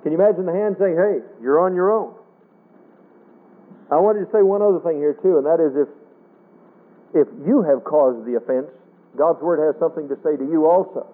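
High-voiced preacher on tinny radio. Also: male voice, a little fast. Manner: earnest, pleading, quotes scripture in King James wording. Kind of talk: sermon. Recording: tinny phone-like radio broadcast.

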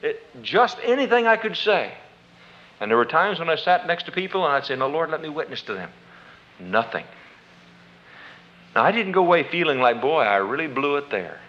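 A man's voice: fairly high pitch, sing-song, normal speed, long pauses. A man with a slightly raised voice delivers a sermon as a folksy personal story. He talks conversationally and acts out the back-and-forth dialogue himself. The recording is muffled and lo-fi. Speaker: preacher. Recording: dull lo-fi recording.

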